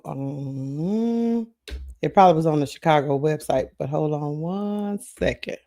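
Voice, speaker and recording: High-voiced chatty sports stream host. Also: male voice, gravelly. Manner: chatty, greets viewers by name, thinks aloud while searching for a clip. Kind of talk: casual live sports commentary.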